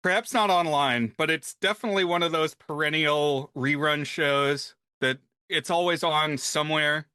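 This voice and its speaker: A man co-hosting a film podcast, telling stories in a relaxed, wry way. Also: on the high side, moderate pace, hardly any pauses, clear, resonant tone, dry recording, studio quality. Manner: relaxed, wry storytelling, reads quotes aloud. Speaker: podcast co-host. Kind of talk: casual film podcast chat.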